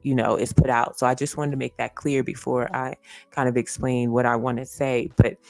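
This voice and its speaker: A woman's voice: a bass voice, flat delivery, moderate pace, gravelly, darkish tone, dry recording, soft background music. A woman hosting a casual commentary livestream, earnest and repeating her points with lots of "you know" fillers. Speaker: host. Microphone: streaming setup.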